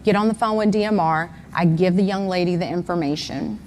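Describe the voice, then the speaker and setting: A woman's voice: on the low side, fairly quick, a little mellow, big-room sound, slight background noise. A mother recounting step by step, with exact times, what happened the day her son went missing. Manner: detailed, step-by-step retelling with times. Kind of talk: recounting events in an interview.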